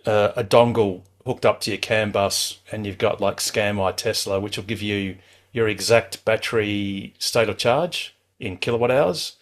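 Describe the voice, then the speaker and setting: Male host, lower register, easygoing and reassuring, restarts a lot. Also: measured pace. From Australia. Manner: relaxed, chatty, reassuring, many restarts. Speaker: club host. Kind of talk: casual advice on a live call-in show.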